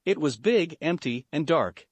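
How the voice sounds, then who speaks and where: Male storyteller, steady delivery, dry booth sound. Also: fairly high pitch, a little slow, no room sound. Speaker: fan fiction narrator. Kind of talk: scripted narration.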